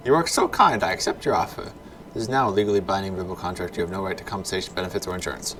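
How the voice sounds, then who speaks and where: A man's voice: low voice, rapid-fire, a bit bright, slight background noise. A man doing a fussy, theatrical bearded merchant. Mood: scheming. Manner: theatrical, self-pitying, exclaiming. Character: fussy, dramatic bearded male bazaar merchant.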